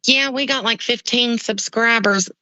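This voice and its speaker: A woman's voice: on the high side, unhurried, bright, forceful tone, dry recording, lo-fi sound. A middle-aged woman with a nasal, drawling voice, chatting casually as co-host of a home video with her daughter. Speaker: co-host, the creator's mother. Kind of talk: casual chat.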